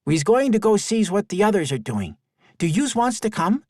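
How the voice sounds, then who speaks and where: A man's voice: sing-song, normal speed, a little mellow, no room sound, clean studio sound. A man voicing a serious, curious little boy who speaks in childish broken grammar. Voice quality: high childlike voice, toddler grammar.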